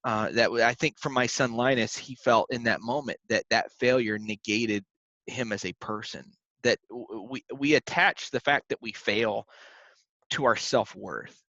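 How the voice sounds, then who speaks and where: A man's voice: medium pitch, moderate pace, sharp tone, no room sound. Young man co-hosting a faith podcast: earnest, rambling, lots of restarts; dry, slightly muffled sound. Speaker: podcast co-host. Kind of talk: casual faith talk.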